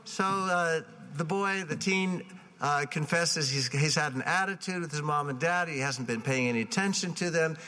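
Bright-voiced preacher in a reverberant hall. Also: male voice, a little high. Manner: conversational storytelling with frequent restarts. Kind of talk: sermon.

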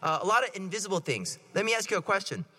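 Sing-song and quick, the priest jokes with his congregation and quizzes them through a playful sermon. His high voice is bright and forceful with a breathy edge, and the church adds long hall reverb.

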